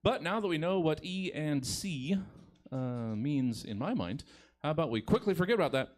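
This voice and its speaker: A man hosting a live comedy show, animated and laughing often between lines. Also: on the high side, moderate pace. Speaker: host.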